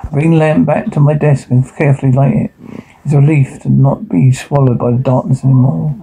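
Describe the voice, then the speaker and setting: A man reading a first-person horror story aloud, halting now and then with stumbles and restarts. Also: medium pitch, fairly even intonation, gravelly, mellow, slight background noise, poor audio. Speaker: narrator.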